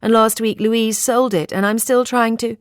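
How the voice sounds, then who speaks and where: A woman's voice: on the high side, fairly even intonation, normal speed, no echo, studio quality, voice pushed up, lightly acted. A woman voicing a shaken young woman in an audiobook, her lines lifted and emotional. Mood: agitated. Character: young woman narrator-heroine, shaken and upset.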